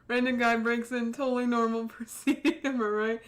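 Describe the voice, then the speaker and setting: A woman's voice: fairly high pitch, level tone, moderate pace. Giggly young woman playing a game. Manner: giggly, playful, gushing asides. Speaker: let's-play streamer. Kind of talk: casual game commentary, reading dialogue aloud.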